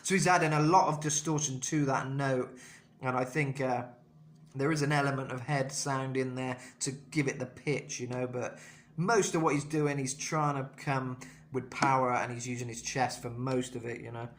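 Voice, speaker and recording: A man's voice: mid-range voice, fairly even intonation, normal speed. A man teaching a singing lesson, explaining technique in a thoughtful way with many fillers and restarts. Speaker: vocal coach.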